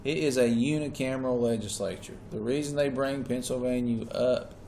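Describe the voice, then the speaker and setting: A man lectures a classroom in an easygoing, conversational way. He keeps pausing to check whether his students are keeping up. A faint hiss sits under his voice. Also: medium pitch, mellow. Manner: checks in often with students, casual Southern-style phrasing. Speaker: teacher.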